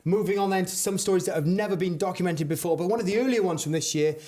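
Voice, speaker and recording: Speaking fast in a high-pitched, slightly mellow voice, a young man hosts a comedic podcast. He delivers odd news stories with mock drama, trading playful banter between his theatrical reads.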